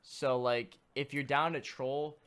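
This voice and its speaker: A young man co-hosting a podcast, telling stories in casual chat, swearing often and speaking with animated energy. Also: mid-range voice, takes it slowly, clean tone. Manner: profane, animated storytelling. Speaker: podcast co-host.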